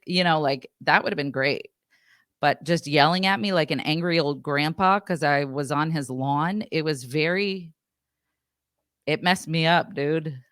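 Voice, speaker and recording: A woman's voice: low voice, a little slow, no room sound, studio quality. A woman podcast co-host chatting casually, rambling and acting out what people said. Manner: rambling, animated, acts out quotes. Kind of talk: casual storytelling chat.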